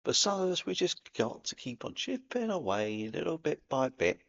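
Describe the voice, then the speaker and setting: Gravelly Cockney man, earnest spiritual talk. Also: on the high side, sing-song, moderate pace, dull audio. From London, England. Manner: earnest, gently encouraging, matey. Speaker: spiritual video host. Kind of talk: reflective spiritual talk to camera.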